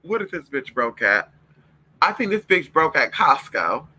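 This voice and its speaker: A man's voice: a little high, big pitch swings, a little slow, sharp tone, breathy edge, poor audio. A man talking straight to his viewers, telling stories in a sassy, profane way and calling them girl and y'all. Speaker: vlogger. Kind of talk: casual storytelling to viewers.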